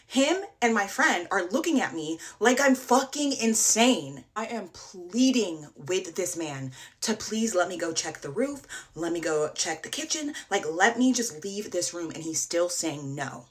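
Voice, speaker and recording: A young woman telling a story in a casual storytime vlog, animated, saying "like" constantly and swearing freely. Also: on the low side, measured pace, few pauses. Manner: animated, heavy use of "like", frequent swearing.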